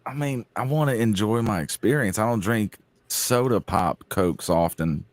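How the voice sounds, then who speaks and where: A man's voice: fairly low pitch, normal speed, no room sound. A man with a New Orleans accent, co-hosting a casual podcast chat with blunt, teasing, profane banter. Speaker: podcast co-host.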